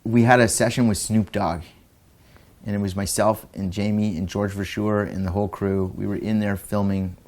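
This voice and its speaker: A man's voice: fairly low pitch, fairly even intonation, normal speed, darkish tone. Rambling man telling a story. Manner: rambling, filler-heavy, laughs while telling; acts out quotes in raised voices. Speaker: interviewee. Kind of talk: anecdotal storytelling.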